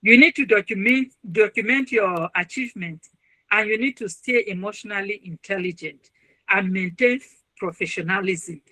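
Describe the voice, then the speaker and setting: A woman speaks to a webinar audience in an earnest, advising way, now and then acting out the people she quotes. Her voice is bright and clear, and the sound is close and dry, with almost no room around it. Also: mid-range voice, dry recording, rough recording. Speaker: webinar speaker, university registrar and counselor. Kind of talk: motivational webinar talk.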